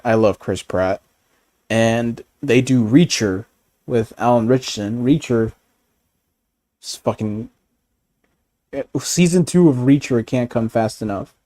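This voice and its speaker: A man ranting in casual chat as a streamer, animated and profane, often laughing. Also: mid-range voice, no room sound.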